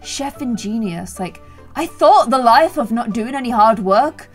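A woman putting on a quick voice for a lazy, charming young frog prince who is musing aloud. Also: a little high, expressive, faint music behind.

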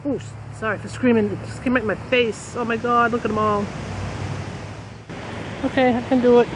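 Woman vlogger, chatty and easily excited, fairly high voice, traffic noise behind her outdoors. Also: fairly quick, pauses often. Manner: excitable, exclaims often. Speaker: nature vlogger. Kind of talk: casual outdoor vlog narration. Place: outdoors by a river and roadside.

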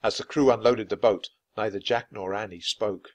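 A man reading a children's chapter book aloud clearly and expressively for language learners. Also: on the low side, fairly even intonation, moderate pace, dry recording. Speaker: storybook reader.

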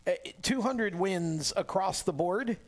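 Guy hosting a racing radio show, kinda high voice, lots of um and uh, laid back studio chat. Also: slow pace. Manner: relaxed, chatty, many fillers and restarts. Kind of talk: casual motorsport radio talk.

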